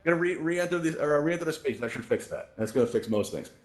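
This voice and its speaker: A man's voice: on the high side, lively intonation, fast. A man hosting a virtual reality tutorial event, talking casually and often tagging his sentences with "right?" and "you know", into a headset microphone. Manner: chatty, tags lines with "right?" and "you know". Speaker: host presenting a VR tutorial event. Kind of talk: casual spoken presentation.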